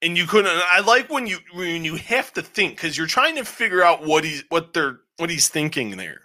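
A man with a very bright, ringing voice pitched a little high, chatting casually on a podcast. He rambles through a review with lots of animation and cursing. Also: normal speed. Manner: rambling, animated recaps with frequent swearing. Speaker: podcast co-host. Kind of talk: casual show review chat.

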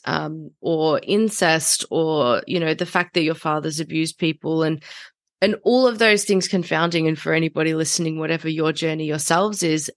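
Podcast host: woman, lower-pitched, effusive and chatty, dry close recording. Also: a bit bright, dry recording. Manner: gushing, enthusiastic, frequent laughter. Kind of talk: casual interview chat.

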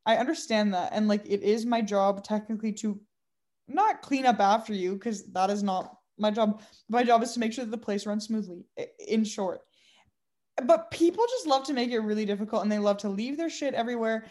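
A woman's voice: mid-range voice, a little fast. A young woman, co-hosting a podcast, telling fired-up stories about difficult customers in casual chat. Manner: ranting, animated storytelling about customers. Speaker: podcast co-host.

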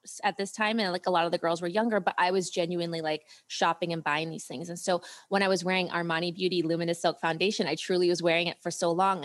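A woman in her thirties talking as an interview guest, gushing and casual, leaning on "like" and getting emotional. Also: on the low side. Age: 30s. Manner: gushing, heavy use of "like", gets emotional. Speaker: guest, beauty influencer and brand founder.

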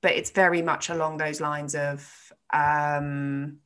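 A woman's voice: low voice, level tone, takes it slowly, fairly bright tone. A woman who teaches yoga, co-hosting a casual chat, swearing freely and laughing often. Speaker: podcast co-host, yoga teacher.

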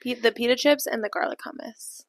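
A young woman co-hosting a podcast from a bedroom, chatting casually with quick agreeing replies. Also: fairly high pitch, dry recording. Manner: relaxed, short agreeing replies. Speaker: podcast co-host. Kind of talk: casual chat.

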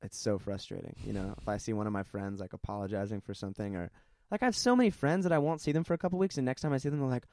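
A man's voice: fairly low pitch, very fast, a little mellow, no room sound. A man co-hosting a podcast in casual chat, rambling and self-deprecating, laughing often and swearing freely. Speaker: podcast co-host.

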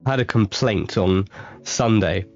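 A man's voice: fairly low pitch, unhurried, vocal fry, darkish tone, muffled recording. A young man co-hosting a casual chat podcast, telling rambling stories and laughing often. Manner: laid-back, laughs often, rambling storytelling. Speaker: podcast co-host.

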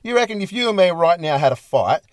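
A young man co-hosting a podcast, talking in crude, swearing, animated banter. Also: high-pitched, fast, no room sound. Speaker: podcast co-host. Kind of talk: casual banter.

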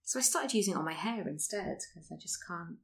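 A woman's voice: lowish voice, expressive, brisk, gravelly. A woman, co-hosting a casual chat and mostly responding with short agreements and questions. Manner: responsive listener, short backchannels. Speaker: podcast co-host.

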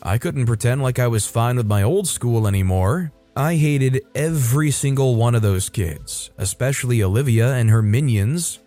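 A man reading a first-person story aloud in a steady, scripted narration. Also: moderate pace, few pauses. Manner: steady first-person storytelling, puts on a higher voice for quoted women. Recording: soft music bed behind. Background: faint background music.

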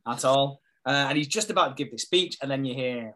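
A man's voice: mid-range voice, a bit bright. Sweary man recapping a show. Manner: sweary, acts out characters' lines in quick impressions. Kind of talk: casual chat recapping a TV episode.

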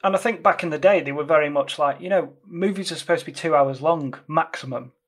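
A man's voice: a little high, fast. A man in a casual film discussion, explaining the plot in a rambling way and correcting himself as he goes. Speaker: podcast co-host discussing a film.

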